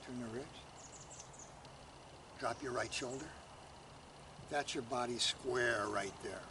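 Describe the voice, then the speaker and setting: A man coaching a student through riding posture stretches with calm, step-by-step directions. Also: mid-range voice, takes it slowly. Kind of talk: instructional coaching. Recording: distant mic, noisy outdoor background.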